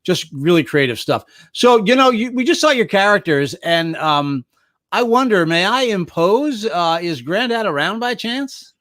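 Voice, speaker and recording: A man's voice: sits high, very animated, measured pace, fairly bright tone, no room sound, studio quality. A man hosting an interview, asking long, rambling questions full of fillers over a video call. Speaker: podcast host. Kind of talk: casual interview.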